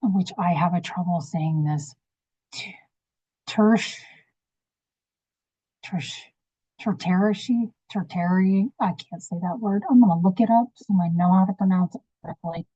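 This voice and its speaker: A woman's voice: fairly low pitch, measured pace, long pauses, mellow, husky, dry recording, lo-fi sound. A woman English teacher giving a casual online lesson, chatty, with many ums and stumbles over hard words.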